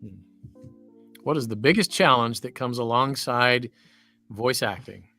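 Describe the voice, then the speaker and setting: A bright, forward-voiced man with a Southern US accent chats casually on a livestream. He rambles easily from one story to the next as a voice actor talking shop. Faint music plays underneath. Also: mid-range voice, unhurried. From Louisiana, US.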